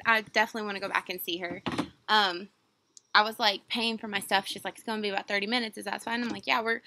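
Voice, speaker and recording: Young woman, very bright tone, rambling vlog chat, light hiss behind. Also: mid-range voice. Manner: rambling, chatty, full of fillers and quoted dialogue. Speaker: vlogger. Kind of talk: casual unboxing chat.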